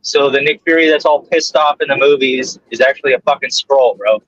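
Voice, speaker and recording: A man's voice: medium pitch, a little fast, a bit bright, no room sound. A brash, swearing man talking casually while driving. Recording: dry lo-fi audio.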